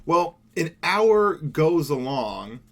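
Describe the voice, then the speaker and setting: A man's voice: on the high side, very animated, very slow. A young man from Seattle giving casual gameplay commentary as a gaming YouTuber, rambling and laid-back, swearing now and then. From Seattle, USA.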